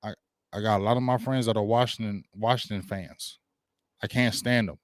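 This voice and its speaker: A man's voice: on the low side, fairly even intonation, normal speed, no room sound, studio quality. A man hosting a casual sports livestream, hyped and slangy, greeting viewers by name as they join. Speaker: sports talk livestream host.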